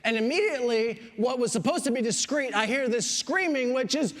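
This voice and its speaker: A man's voice: very high-pitched, a little fast, in a large hall. A pastor in his thirties from Quebec, preaching a sermon with joking asides. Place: church.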